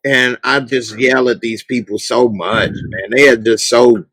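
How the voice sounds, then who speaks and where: This is a man hosting a laid-back talk show in a middle-pitched voice. He chats casually and now and then bursts into loud, animated rants aimed at TV characters. The sound is close and dry. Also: a little slow, husky, no room sound, rough recording. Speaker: podcast host. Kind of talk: casual chat.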